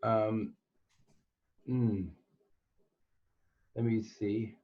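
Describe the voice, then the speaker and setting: A man's voice: on the low side, flat delivery, drawn-out words, mellow. A man teaching a casual online Torah class to boys, telling jokes and stories in a playful way. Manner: playful joke-telling storyteller. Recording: dull lo-fi sound.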